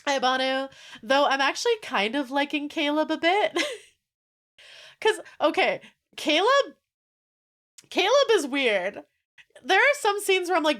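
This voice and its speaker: A young adult woman chatting casually on a live stream, animated and swearing freely, with frequent laughter. Her voice sits a little high and swings widely in pitch, and she keeps an easy, chatty flow. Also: slow, pauses often.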